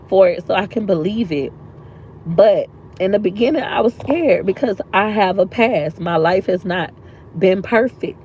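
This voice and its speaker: A woman's voice: mid-range voice, darkish tone, muffled recording, a little hiss or hum. A woman vlogger sitting in a park outdoors, talking earnestly and from the heart, repeating lines for emphasis. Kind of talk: emotional motivational vlog talk.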